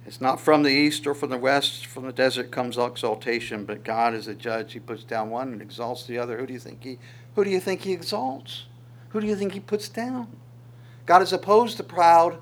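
Speaking at a moderate pace in a mid-range voice, a man delivers a Psalms sermon verse by verse. He stays animated throughout, voicing God's words in quotes, asking rhetorical questions, and chuckling occasionally.

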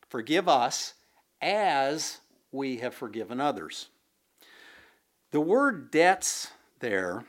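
Slow, deliberate male preacher. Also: medium pitch. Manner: slow and deliberate, with fillers and scripture readings. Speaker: pastor. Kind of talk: sermon.

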